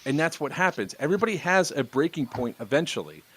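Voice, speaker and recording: A man's voice: fairly high pitch, very animated, fast, a bit bright, slight background noise. A man hosting a casual podcast chat, telling a story loosely with plenty of swearing. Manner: storytelling with profanity and laughs. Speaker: podcast host.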